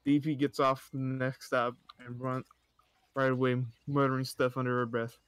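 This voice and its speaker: A man's voice: mid-range voice, level tone, moderate pace, a bit bright, clean tone, no echo. A young man casually reading stories aloud, stumbling over words and often breaking into laughter and mocking asides.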